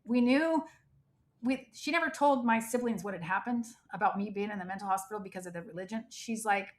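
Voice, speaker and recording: A middle-aged woman from the United States telling her life story as a guest in an interview, animated and emphatic, acting out what people said. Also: medium pitch, quick pace. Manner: animated, emphatic, frequent "like" and quoted dialogue.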